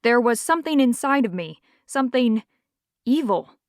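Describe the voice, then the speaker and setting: A confused, disturbed young man, as a woman narrator reads him in an audiobook. He sounds bewildered and quick to accuse. The voice is close and dry, with no room sound. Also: fairly high pitch, expressive, dry recording, pitched above the performer's own voice, lightly acted. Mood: insistent. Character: young man, shaken and confused after possession.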